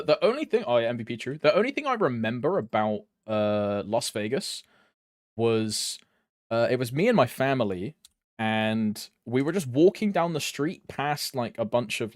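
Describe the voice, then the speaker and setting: A man's voice: medium pitch, expressive, moderate pace, dry recording, studio quality. A young man streaming a game, chatting casually in a rambling way, laughing often and calling his viewers bro. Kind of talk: casual chat while gaming.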